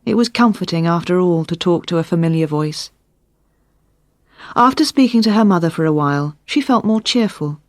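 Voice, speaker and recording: Female narrator for a learners' crime story, lower voice, steady and clear delivery. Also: normal speed, no echo, clean studio sound. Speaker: audiobook narrator. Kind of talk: scripted narration.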